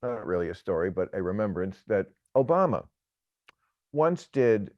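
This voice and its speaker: A man in his sixties giving opinionated political talk, halting and repeating words, then pressing his point emphatically. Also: lowish voice, sing-song, no room sound, lo-fi sound. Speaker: guest commentator.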